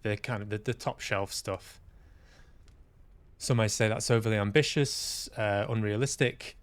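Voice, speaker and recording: A man's voice: on the low side, measured pace, clean tone. A man hosting a podcast, talking candidly in a casual, reflective monologue, self-deprecating and swearing now and then. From Manchester, UK. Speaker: podcast host and actor.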